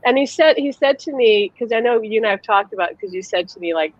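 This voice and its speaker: A woman's voice: fairly high pitch, lively intonation, quick pace, dry recording, muffled recording. A woman psychic medium hosting a casual live-stream conversation, telling stories animatedly and laughing often. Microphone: video call.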